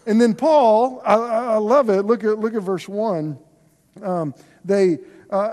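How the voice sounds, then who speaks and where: A man preaching a sermon as pastor, telling stories in an animated, conversational way. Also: sits high, a little slow. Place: church sanctuary. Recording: long reverb of a large hall.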